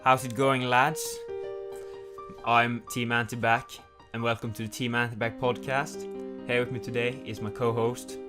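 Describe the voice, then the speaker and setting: A man's voice: medium pitch, little pitch movement, a little slow, over music. A young man hosting a casual podcast, chatting and teasing his co-host in loose banter. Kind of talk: casual chat.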